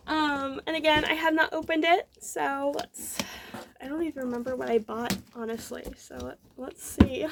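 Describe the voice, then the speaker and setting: A woman's voice: sits high, slow, noisy background. A young woman hosting a casual crafting show-and-tell, bubbly and gushing, rambling with lots of fillers. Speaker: knitting podcast host.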